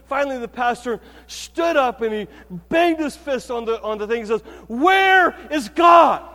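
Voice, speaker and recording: A pastor delivers a sermon in a chatty, storytelling manner and keeps checking in with his congregation. His voice sits high for a man. The sound carries a long reverb, as in a church sanctuary. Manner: conversational, storytelling, frequent "okay" and "right".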